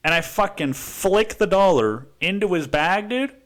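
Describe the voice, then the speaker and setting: A man's voice: high-pitched, animated, measured pace, fairly bright tone. A man hosting a podcast, telling a story in a rambling, profane way and saying "dude" constantly. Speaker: podcast host. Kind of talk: casual storytelling monologue.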